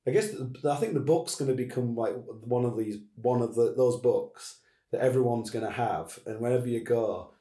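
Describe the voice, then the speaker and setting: A man's voice: mid-range voice, animated, moderate pace, dark tone, reverberant. A man hosting a casual chat, rambling and restarting his sentences. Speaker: podcast host.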